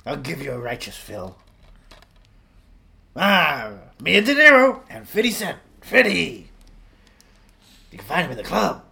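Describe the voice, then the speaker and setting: A man doing a boastful, mock-macho impression of a famous actor in an improvised comedy sketch, with a gravelly voice and shouty bursts. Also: fairly high pitch, very animated, unhurried, long pauses, heavily acted.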